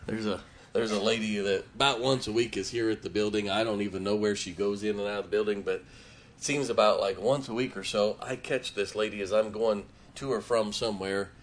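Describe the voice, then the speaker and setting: A man's voice: fairly low pitch, steady tone, a little fast. A male pastor preaching a sermon in church, telling folksy stories and laughing at his own jokes.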